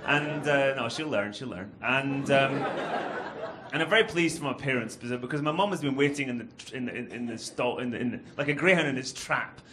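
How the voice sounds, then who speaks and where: A man doing a stand-up comedy set in a club, sweary and rambling, with quick asides. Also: medium pitch. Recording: noisy live club recording.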